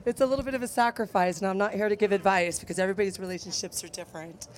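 A woman's voice: mid-range voice, steady tone, very fast. An emotional, chatty woman delivers a wedding blessing outdoors and reads a poem. She talks straight into a handheld mic. A faint hum of noise sits behind her. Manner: warm, emotional, chatty with the crowd. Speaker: wedding speaker. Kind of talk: speech and poetry reading at a wedding. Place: outdoor desert gathering. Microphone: handheld microphone close to the mouth.

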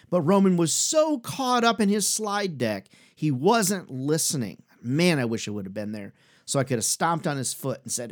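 Brief: upbeat man coaching salespeople, fairly high voice, very lively and talkative. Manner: energetic, fast-talking, emphatic. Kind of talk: podcast lesson.

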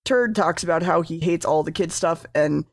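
A woman's voice: low voice, normal speed, no echo. Woman rambling through an episode recap, swears a bunch, fixes her words as she goes, dry close sound. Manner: rambling, swearing, self-correcting.

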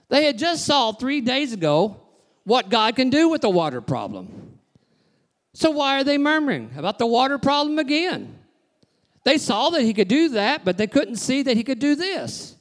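A male pastor preaching a sermon to his congregation, emphatic and rhythmic, with frequent call-outs to the crowd. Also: very high-pitched. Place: church sanctuary. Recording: long reverb of a large church hall.

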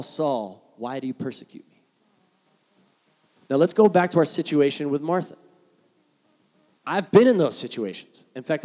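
A man preaching a sermon as the pastor, telling stories in an animated way and acting out the voices of people he quotes. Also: a little high.

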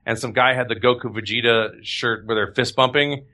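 A man who voices characters for a living, talking casually as a guest. His voice is bright and forceful. He tells his stories with lots of energy and slips in quick impressions along the way. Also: medium pitch. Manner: animated storyteller, slips into voices. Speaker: voice actor guest. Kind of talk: casual chat.

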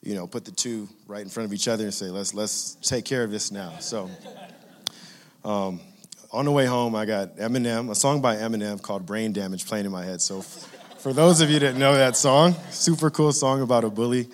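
A man in his thirties from California, his voice sitting a bit low as he tells a personal faith story. He speaks in an earnest, conversational way and laughs now and then at his own jokes. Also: fairly quick. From Inglewood, California. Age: 30s. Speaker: father sharing a faith testimony.

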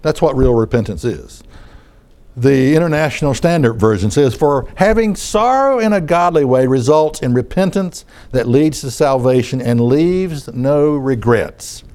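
Man, preacher, sermon, chatty and repetitive, lively rising and falling voice. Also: mid-range voice, measured pace. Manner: conversational, repeats phrases, restarts. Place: in front of a congregation.

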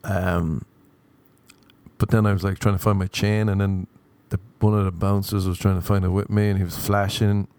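A young man with an Irish accent spins a crude, rambling story in a deadpan delivery. His voice sits on the low side and sounds dry and close, with little room around it. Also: normal speed, no room sound. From Ireland. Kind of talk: storytelling monologue.

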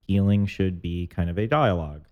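Low-voiced reflective man co-hosting. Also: moderate pace, dull audio. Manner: reflective, asks gentle probing questions, jokes. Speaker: podcast co-host. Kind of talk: casual chat. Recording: faint guitar music underneath.

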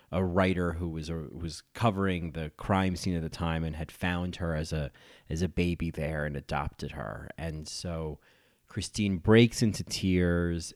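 A man who hosts a podcast and reviews films talks through a movie scene in casual commentary, his voice on the low side. He's animated and gushing, dropping campy asides.

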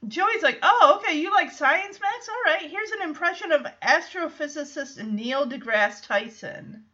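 A woman hosting a podcast, recapping an episode in a casual, animated way, acting out the characters' lines and laughing often. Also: high-pitched, unhurried, muffled recording. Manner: animated storytelling, acts out quotes, laughs often. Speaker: podcast host.

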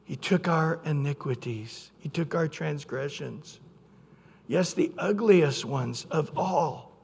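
A man preaching a sermon as pastor, earnest and storytelling, with sudden loud quoted outbursts. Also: on the high side, slow, vocal fry, husky. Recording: long hall reverb.

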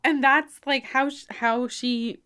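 A woman hosts a podcast in a chatty, animated way, walking through an opera story with plenty of "like". Her voice is smooth and clear. The sound is dry and close to the mic. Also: sits high, slow pace, no room sound. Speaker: podcast host. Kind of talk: casual retelling of an opera plot.

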